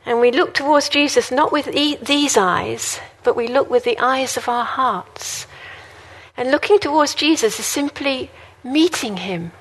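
A woman's voice: on the high side, slightly rough. A woman preaching a sermon in an earnest, conversational way, mixing in personal stories. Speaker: guest preacher.

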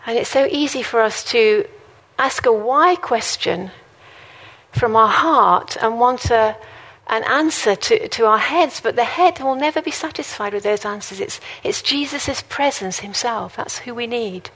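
A woman's voice: fairly high pitch, a little slow, a bit bright. A woman preaching a sermon in an earnest, conversational way, mixing in personal stories. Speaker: guest preacher.

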